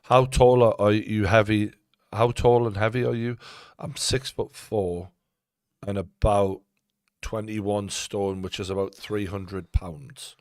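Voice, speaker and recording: A man with a Geordie accent co-hosting a live football watchalong, chatty and opinionated, shouting at the big moments. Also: lowish voice, little pitch movement, slow pace, no room sound, clean studio sound. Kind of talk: casual live match commentary.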